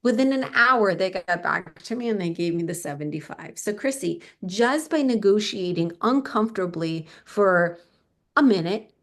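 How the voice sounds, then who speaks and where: A woman's voice: medium pitch, moderate pace. A middle-aged woman sharing a personal story as an interview guest. She tells it with animation and slips into the voices of the people she describes. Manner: animated, acts out the people in her stories.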